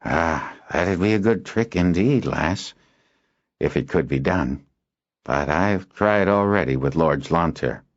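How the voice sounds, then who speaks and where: A man voicing a gruff, stubborn old male handler who talks slowly and softly, in an audiobook. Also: deep voice, lively intonation, dry recording, heavily acted. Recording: dull lo-fi audio.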